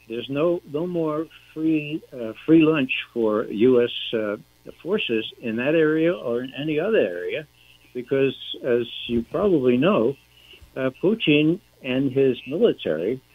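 An older man speaking as a guest on a radio show, halting with many "uh"s, asking himself rhetorical questions and tagging on "okay?". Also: medium pitch, slightly rough. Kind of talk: call-in radio commentary. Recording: tinny phone line.

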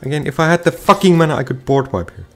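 A man's voice: fairly high pitch, big pitch swings, fast talker, vocal fry, soft background music. A man ranting and swearing constantly while playing a card game, frustrated and repeating himself. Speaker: gamer. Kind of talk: ranting gameplay commentary.

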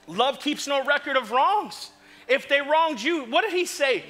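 High-voiced impassioned male preacher. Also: lively intonation, a little slow, soft background music. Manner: impassioned, swings from quiet to shouting. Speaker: pastor. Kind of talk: sermon. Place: church sanctuary.

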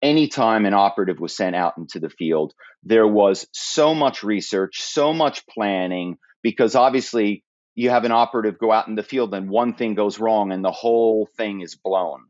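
A man being interviewed, telling stories with lively energy and acting out the voices of people on the phone. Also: on the low side, moderate pace, no echo, highs cut off. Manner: animated storyteller, acts out phone voices and accents. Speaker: guest, former corporate spy and author. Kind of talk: storytelling interview answers.

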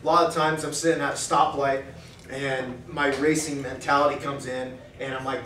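A man speaking at a men's breakfast in a cafe, preaching in an animated way and acting out quoted thoughts in a hushed voice. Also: medium pitch, moderate pace, slight background noise. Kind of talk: preaching talk. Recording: echoey room, mic far off.

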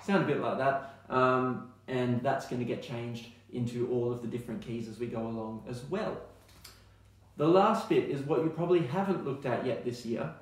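An Australian man teaching music in a relaxed, chatty way, now and then singing scale notes to demonstrate. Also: mid-range voice, moderate pace, heavy reverb. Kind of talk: recorded online music lesson.

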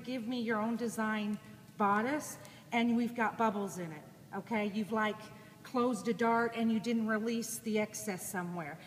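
A woman teaching a sewing class, talking casually and thinking out loud as she demonstrates. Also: mid-range voice. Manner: casual, chatty, thinking aloud while working. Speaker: sewing instructor. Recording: echoey room with audible noise.

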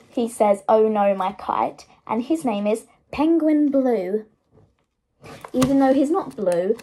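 A woman's voice: on the high side, a little mellow, a little hiss or hum. A woman chatting casually on camera through earbuds, giggling and rambling with self-mocking asides. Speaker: vlogger. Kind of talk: casual show-and-tell chat. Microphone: wireless earbuds.

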